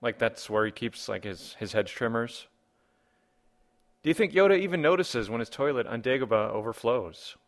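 A man's voice: medium pitch, expressive, moderate pace. A man hosting a comedy podcast, reading listener comments and rambling through wry rhetorical questions. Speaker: podcast host.

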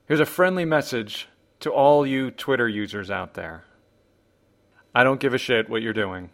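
A man's voice: mid-range voice, normal speed, a bit bright. A man hosting a podcast in a casual monologue with dry, self-deprecating humor. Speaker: podcast host.

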